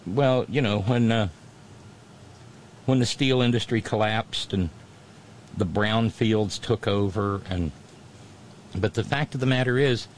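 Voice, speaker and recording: Guy hosting a radio show, kinda low voice, rambles and restarts a lot, faint room hum behind him. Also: measured pace, pauses often. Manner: rambling, many restarts and fillers. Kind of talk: casual monologue to listeners.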